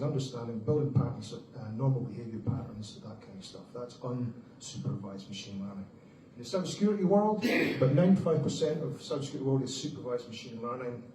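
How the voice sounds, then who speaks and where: Fast-talking man in an echoey hall. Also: mid-range voice, noisy background. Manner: brisk, joking, conversational, addresses the crowd as folks. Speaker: conference speaker. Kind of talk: conference keynote talk. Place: large conference hall. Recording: echoey hall, distant mic, faint ambience.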